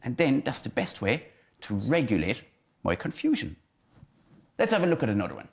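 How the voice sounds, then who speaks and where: A man's voice: medium pitch, wildly swooping pitch, normal speed, long pauses, faint music behind. A man, a teacher giving a playful children's lesson about feelings and acting out each emotion.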